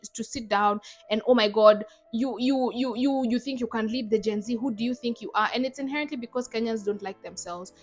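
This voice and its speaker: Emphatic woman with a higher voice. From Zimbabwe. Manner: emphatic, sarcastic, animated. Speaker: YouTuber. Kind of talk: opinionated commentary vlog.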